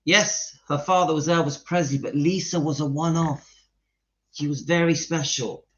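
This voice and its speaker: A man's voice: fairly high pitch, steady tone, normal speed, fairly bright tone. A man hosting a casual live stream, chatting to viewers in a sentimental, friendly way and greeting them by name. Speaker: livestream host. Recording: dull lo-fi audio, faint music behind.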